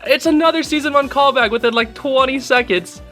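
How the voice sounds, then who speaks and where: An excited young man talks through a cartoon episode in a loose, casual review, gushing and repeating his praise. His voice sits high and bright. Faint music plays underneath. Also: fairly quick. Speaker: video reviewer.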